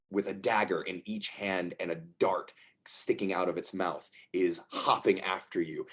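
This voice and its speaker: A man running a tabletop game as game master, narrating dream scenes in a soft, slow voice with restarts. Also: on the low side.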